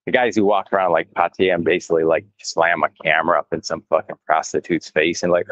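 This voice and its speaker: A man's voice: low-pitched, fast, few pauses, a bit bright, dry recording, highs cut off. A man hosting a casual walking livestream outdoors, rambling and profane with frequent chuckles, recorded on a handheld phone. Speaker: mycology channel host. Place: outdoors in botanical gardens.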